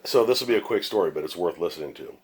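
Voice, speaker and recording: A man's voice: low-pitched, expressive, very fast, a little mellow, slightly rough. An older man telling a war story from his police days in a blunt, profane, casual way. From United States. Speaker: retired police officer telling stories.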